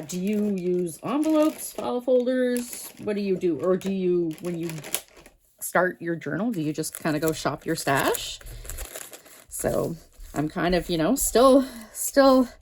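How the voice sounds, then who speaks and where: A woman's voice: mid-range voice, a little mellow, slight background noise. A woman in her home art studio chatting casually to viewers while sorting craft papers, rambling and losing her train of thought. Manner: rambling, self-interrupting, talks to viewers. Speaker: art vlogger.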